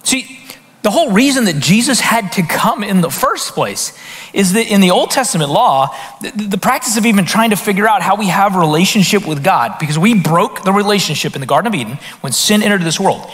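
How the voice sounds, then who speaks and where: A man preaching a conversational sermon as pastor, with lively rhetorical questions and frequent restarts. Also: high-pitched, fairly quick. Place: church sanctuary. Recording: hall reverb in a church.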